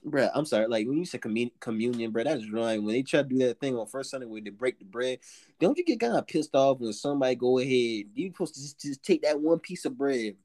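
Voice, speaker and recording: A young woman chatting loosely on a podcast, swinging her pitch up and down as she tells stories. She is loud and profane. The recording is close and dry. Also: quick pace, dry recording. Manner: loud, profane, animated storytelling. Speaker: podcast co-host. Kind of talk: casual podcast chat.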